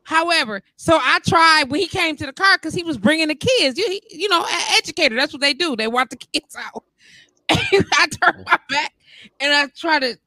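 Woman co-host, high bright voice, dry close sound, animated storyteller who laughs a lot. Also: moderate pace, dry recording, low-quality recording. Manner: animated, laughs often, acts out quoted voices. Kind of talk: casual storytelling chat.

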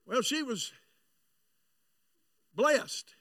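A man preaching at a church revival, swinging from chatty storytelling to loud shouting. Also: extremely high pitch, expressive, drawn-out words, no echo, distant mic. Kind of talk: revival sermon. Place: church sanctuary.

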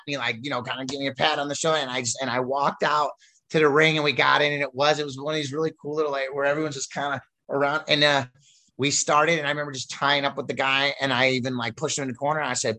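A man's voice: mid-range voice, quick pace. Man spinning rambling wrestling tales. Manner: rambling, animated storytelling with many fillers. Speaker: wrestler telling stories. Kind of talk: casual storytelling chat.

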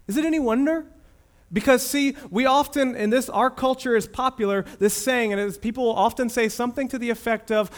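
A man preaching a sermon as pastor, moving between loud emphatic declarations and hushed, reverent passages. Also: sits high, lively intonation, fairly quick.

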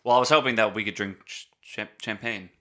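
A man's voice: fairly low pitch, steady tone, fairly quick, sharp tone. A man in his late twenties co-hosting a podcast, playful and teasing in casual chat. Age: late 20s. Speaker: podcast co-host.

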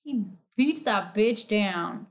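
A woman's voice: medium pitch, animated, takes it slowly. A woman co-hosting a podcast, recapping a TV episode in casual chat, swearing freely and laughing as she acts out quotes. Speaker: podcast co-host.

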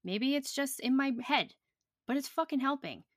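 A woman's voice: high-pitched, animated, normal speed, no echo. A young adult woman hosting a podcast in casual chat, blunt and profane with lots of fillers, talking on a close podcast mic. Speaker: podcast host.

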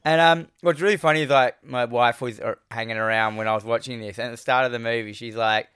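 Un hombre que presenta un podcast y cuenta una película en charla informal, riéndose e imitando las frases de los personajes. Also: male voice, medium pitch, steady tone, fast talker, a bit bright, smooth, no room sound, clean studio sound. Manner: laughing, retells scenes acting out the characters' lines. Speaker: podcast co-host. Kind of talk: casual movie recap chat.

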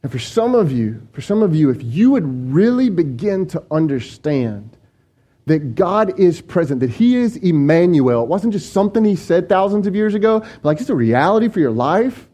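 A male pastor preaching a sermon in a conversational, animated way, with frequent asides to the congregation. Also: high voice, normal speed.

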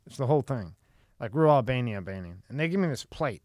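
A man in casual podcast talk, blunt and full of profanity, who drives the conversation with questions. His voice sits at a middle pitch. The recording is dry and close. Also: very animated, moderate pace, darkish tone, dry recording. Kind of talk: casual chat.

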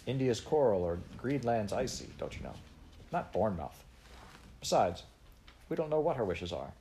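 A man reading aloud, voicing a bold schoolboy in a brisk, offhand way. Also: lowish voice, very animated, mellow, slight background noise. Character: bold schoolboy, breezy and know-it-all.

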